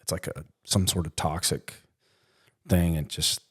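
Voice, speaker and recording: A man in his middle years, a podcast guest, telling a story in a casual, animated way with lots of fillers. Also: low voice, a little slow, slightly rough.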